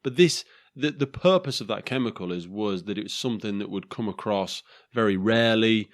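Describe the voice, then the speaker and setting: Blunt sweary man, low voice. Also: a little fast. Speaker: podcast host. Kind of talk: casual chat.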